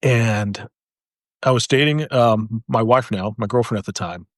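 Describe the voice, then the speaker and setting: A military veteran, a man, earnestly telling his personal story, halting and repeating phrases for emphasis, and speaking softly in the heavy moments. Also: medium pitch, no room sound, clean studio sound.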